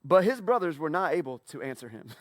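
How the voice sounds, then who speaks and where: A man preaching a sermon as pastor, telling the story with animated swings from hushed to loud. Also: a little high, fast, no room sound, clean studio sound.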